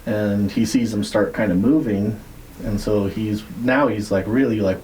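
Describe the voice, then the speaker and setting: A man with a lowish, mellow voice recounts a story in loose podcast chat. He rambles, swears casually and leans on "like" and "uh" as he goes. A faint hiss sits under the voice. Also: measured pace, low-quality recording. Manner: rambling, profane, many fillers. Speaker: podcast co-host.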